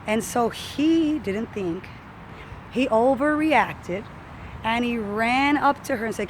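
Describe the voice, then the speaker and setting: A woman's voice: a little high, a little slow, a little hiss or hum, low-quality recording. A woman fitness coach telling a personal story in casual talk, acting out what others said. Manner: animated, acts out quoted voices.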